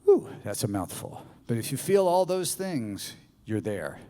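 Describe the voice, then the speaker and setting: A man's voice: medium pitch, a little slow. Playful man speaking on a live stage. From American South. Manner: playful, animated, audience-addressing. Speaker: public speaker. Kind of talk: live motivational talk. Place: live bar venue with audience. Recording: venue reverb from live stage.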